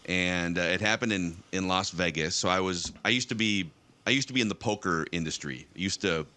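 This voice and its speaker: A man's voice: sits low, fairly quick, sharp tone, slight background noise. A man in his thirties, a guest telling a rambling story on a talk show with many restarts. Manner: rambling, with frequent restarts and fillers.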